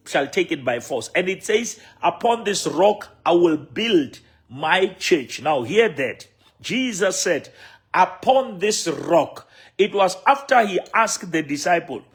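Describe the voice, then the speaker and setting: Emphatic Sesotho-accented preacher, high husky voice. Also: male voice. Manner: emphatic preaching, repeating key phrases, counting words out. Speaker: bishop. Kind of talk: sermon.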